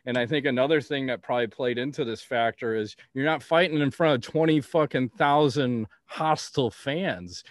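A man's voice: medium pitch, normal speed, hardly any pauses, dry recording. A man hosting a podcast in casual chat, blunt and rambling, swearing freely. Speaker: podcast host.

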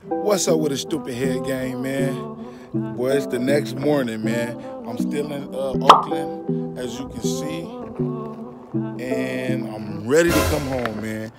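Slangy male vlogger over loud music. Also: mid-range voice, animated, slow pace. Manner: slangy, laid-back, hyped-up. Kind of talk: casual vlog talk.

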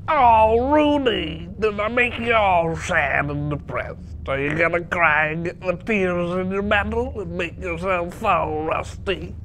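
A man's voice: high-pitched, slow pace, hardly any pauses, noisy background. A man putting on a mocking babyish taunt. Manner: mocking sing-song.

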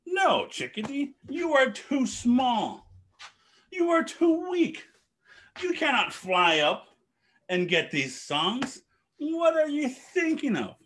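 A scornful flock of forest birds, put on by a man telling a story, talking down to one of their own in a raised, high voice. The delivery is lively, sliding up and down, and unhurried. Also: a little hiss or hum, heavily acted. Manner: dismissive, scolding.

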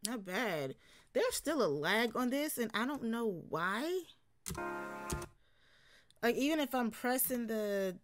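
A woman's voice: on the high side, lively intonation, slow, pauses often, over music. Chatty, yawning woman vocal coach. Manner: chatty, full of fillers and restarts. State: tired and yawning. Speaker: vocal coach reacting to a video. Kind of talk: casual reaction commentary.

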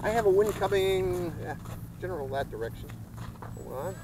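A man with an expressive, high-sitting voice speaks at a moderate pace in a very noisy hobby video. Standing at an outdoor flying field, he casually talks viewers, whom he addresses as folks, through a model plane's test flight.

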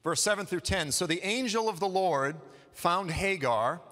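A man's voice: high voice, animated, moderate pace, fairly bright tone. A man giving a sermon in a church, telling the story in a conversational, humorous way. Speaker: guest preacher. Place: church hall. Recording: long hall reverb.

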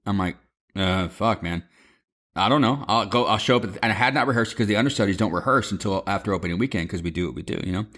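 A man telling a lively story to his mother over a video call, swearing freely and acting out quotes. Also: fairly low pitch, fast. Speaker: son, former Broadway performer.

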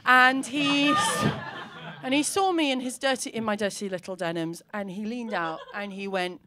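A woman in her thirties doing a bawdy stand-up comedy set on a club stage, acting out characters and breaking into shouts. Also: fairly high pitch, normal speed, slight background noise. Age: 30s.

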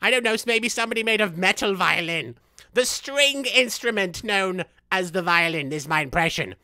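A man's voice: high-pitched, animated, normal speed, pushed and bright, no echo, studio quality, exaggerated voice. A man voicing a vain, unhinged young male villain, streaming a game in character with boastful, theatrical talk. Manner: boastful, theatrical, wildly swinging delivery, laughs at himself. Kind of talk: in-character gameplay commentary.

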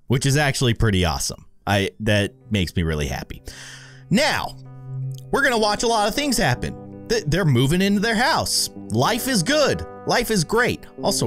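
A man's voice: fairly high pitch, a bit bright. A man hosting casual gameplay commentary, reacting aloud and exclaiming as he talks. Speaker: gaming video host.

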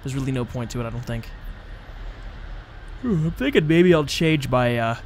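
A man's voice: medium pitch, normal speed, a little mellow, slight background noise. A tired young man rambling casually while playing a game, yawning and mocking his own stumbles. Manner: rambling, self-mocking, drowsy. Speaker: gaming channel host. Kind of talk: casual let's-play commentary.

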